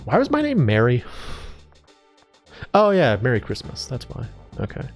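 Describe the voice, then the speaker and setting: A man's voice: mid-range voice, wildly swooping pitch, unhurried, long pauses. A man casually commenting on a video game as he plays, rambling, joking and self-deprecating. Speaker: let's play host. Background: faint game music.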